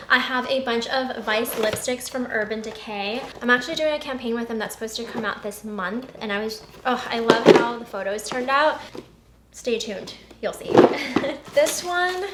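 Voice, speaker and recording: A young woman in her twenties chatting casually while unboxing beauty products, gushing and giggling as she goes. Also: fairly high pitch. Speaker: beauty vlogger. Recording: echoey room with noticeable noise.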